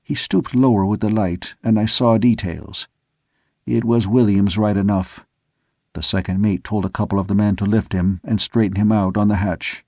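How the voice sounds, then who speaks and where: A man reading a novel aloud as an audiobook narrator, in a measured, steady storytelling manner. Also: fairly low pitch, no room sound, studio quality. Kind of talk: scripted narration.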